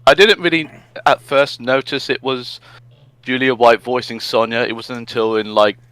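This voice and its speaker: A man's voice: mid-range voice, steady tone, normal speed, a bit bright, clear, resonant tone, no echo, rough recording. A man co-hosting a casual podcast chat, rambling with many fillers. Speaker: podcast co-host.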